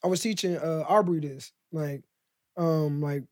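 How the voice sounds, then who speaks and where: A man's voice: on the high side, unhurried, a little mellow. A man co-hosting a podcast in casual chat, rambling and filling his talk with "like" as he acts out little exchanges. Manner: rambling, heavy use of "like", acts out quoted exchanges. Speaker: podcast co-host.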